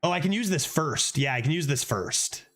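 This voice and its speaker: A man streaming a card game, thinking aloud in casual commentary and getting excited over close plays. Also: normal speed. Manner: excitable, thinks aloud, sometimes drops to a low put-on voice.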